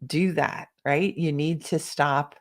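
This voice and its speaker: Low-voiced woman coaching a workshop. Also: steady tone, takes it slowly. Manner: encouraging, reads chat comments aloud. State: coughing now and then, sipping tea. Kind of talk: live online workshop talk.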